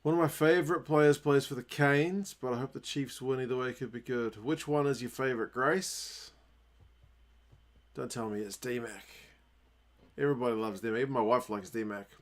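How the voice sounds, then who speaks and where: Brief: New Zealand man, stream host, mid-pitched, chatty, reacts loudly to plays. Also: normal speed. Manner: chatty, reads viewer comments, bursts of excitement at plays. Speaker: livestream host. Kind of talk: casual watchalong chat.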